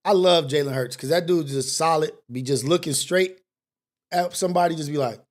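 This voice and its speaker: Preachy high-voiced man host. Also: a little fast. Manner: preachy, repeats questions, street slang. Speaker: talk show host. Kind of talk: impassioned monologue.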